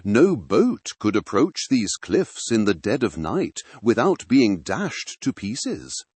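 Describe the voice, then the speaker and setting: A man's voice: on the low side, sing-song, takes it slowly, darkish tone, slightly rough, dry recording, heavily acted. A man voicing a cool-headed male detective in an audiobook reading, giving clipped, deductive pronouncements. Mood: intent.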